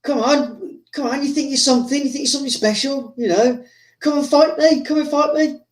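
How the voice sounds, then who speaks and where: A man voicing a brash, aggressive male cage fighter who shouts taunts and challenges. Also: very high voice, a little fast, echoey room, pitched above the performer's own voice. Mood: challenging.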